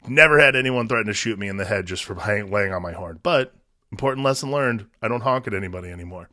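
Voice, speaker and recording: A man co-hosting a podcast, telling a relaxed anecdote and offering short agreeing replies. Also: on the low side, quick pace, dry recording, clean studio sound. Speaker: podcast co-host. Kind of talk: casual chat.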